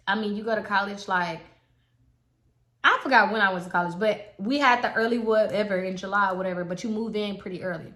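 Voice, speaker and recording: Young woman spilling a story to the camera, bright voice, echoey room. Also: mid-range voice. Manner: chatty, quotes others in acted voices. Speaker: vlogger. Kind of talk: casual storytime.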